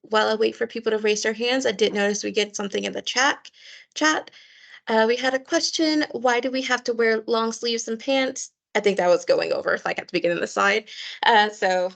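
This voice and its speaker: Gravelly woman briefing volunteers on a call. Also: mid-range voice, brisk, a bit bright. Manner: friendly, repeats requests, many fillers. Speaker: volunteer coordinator. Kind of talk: online meeting briefing. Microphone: video call.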